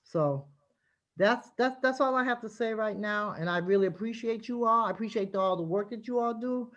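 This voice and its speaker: A woman's voice: a little high, moderate pace, highs cut off. A middle-aged woman, a community activist giving impassioned, emphatic testimony at a city hearing over a video call. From Boston, Massachusetts.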